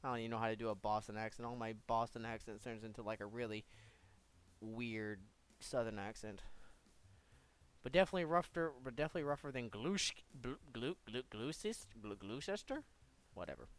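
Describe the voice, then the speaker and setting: A man's voice: medium pitch, fairly quick, clean tone. Joking, profane young man playing a game. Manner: profane, joking, mumbling asides. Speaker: gamer. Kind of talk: let's play commentary.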